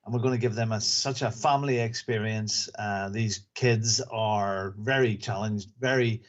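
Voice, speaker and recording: A man's voice: on the low side, moderate pace, lo-fi sound. Wry man reading gaming news. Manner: wry, adds deadpan joke lines to news. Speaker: podcast news presenter. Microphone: computer mic on a live stream.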